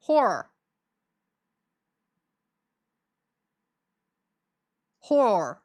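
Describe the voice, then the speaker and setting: High, lively, giggly woman streamer. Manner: giggly, laughs often between words. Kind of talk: casual live-stream chat.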